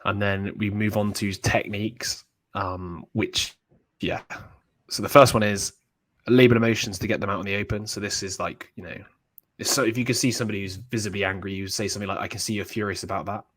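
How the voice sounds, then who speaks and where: A man's voice: lowish voice, fairly even intonation, fairly quick, fairly bright tone. A young man co-hosting a casual podcast chat, rambling with many fillers and acting out quoted lines. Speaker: podcast co-host.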